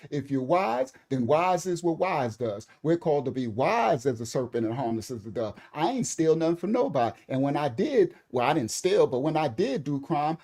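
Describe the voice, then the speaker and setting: A middle-aged man with a slightly high voice gives casual commentary to online viewers. He's animated and preachy, laughs often, and speaks directly to his commenters.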